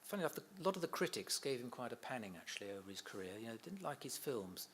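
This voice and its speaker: A man's voice: mid-range voice, very animated, racing, fairly bright tone, a little hiss or hum. A middle-aged man chatting casually in an interview, telling family anecdotes and laughing easily. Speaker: interview guest, son of a comedian.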